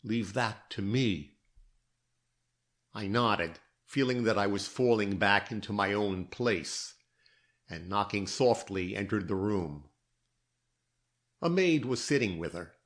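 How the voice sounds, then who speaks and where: This is scripted audiobook narration by a man with a fairly low pitch, who tells the story in an even, measured way.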